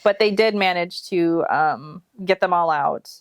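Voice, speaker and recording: A woman's voice: fairly low pitch, measured pace, no room sound. A woman co-hosting a podcast, chatting casually about a book and backing up her co-host with frequent agreement. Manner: chatty, agreeing with many small mm-hmms. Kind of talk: casual book recap chat.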